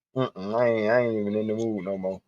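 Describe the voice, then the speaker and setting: A man's voice: lowish voice, steady tone, brisk, no echo, lo-fi sound. A man hosting a livestream, telling loose, profane stories with frequent laughter. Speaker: livestream host. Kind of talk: casual storytelling.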